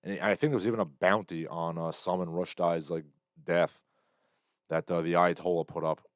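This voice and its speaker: A man's voice: low-pitched, level tone, normal speed, no room sound, clean studio sound. A man in his thirties hosting a casual livestream, talking bluntly in a rambling way with many fillers and reading out chat comments. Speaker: livestream host.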